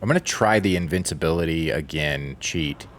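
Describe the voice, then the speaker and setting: A man's voice: extremely low pitch, normal speed. A man chatting casually with viewers while he streams a video game, rambling and chuckling as he goes. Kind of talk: casual gameplay chat.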